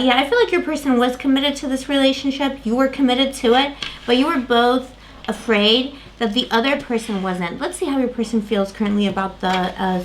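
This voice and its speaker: Woman tarot reader, fraying voice, meandering delivery with restarts, a touch high-pitched, light background noise. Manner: rambling, full of fillers and restarts. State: losing her voice. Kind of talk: tarot reading to camera.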